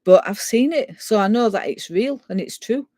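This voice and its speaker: A woman's voice: mid-range voice, moderate pace, dry recording. Chatty woman telling a ghost story. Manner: animated, stumbling restarts, chatty. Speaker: guest sharing a ghost story. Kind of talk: casual live storytelling.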